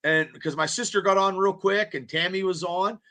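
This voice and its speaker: High, bright-voiced male podcast host. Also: moderate pace. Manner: rambling, stammering repeats. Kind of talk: casual chat.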